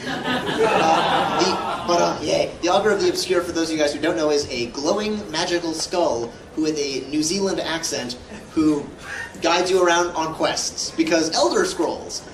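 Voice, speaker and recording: A man's voice: fairly high pitch, moderate pace. A man answering fan questions as a guest at a live convention panel, telling jokey stories. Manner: playful, joking storyteller. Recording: echoey hall, far from mic, noisy.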